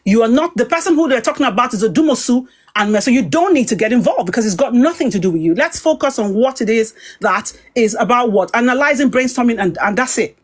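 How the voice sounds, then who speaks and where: A British woman with a fairly high voice, appearing as a guest, recounts a long falling-out in a casual, animated way, quoting herself and others. She talks fast with hardly any pauses, often restarting sentences while keeping the story moving, and the recording is rough.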